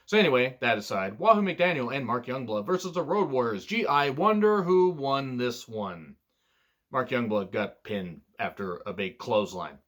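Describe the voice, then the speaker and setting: A man's voice: mid-range voice, fairly bright tone. Profane, ranting wrestling-fan man. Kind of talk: casual retro review commentary.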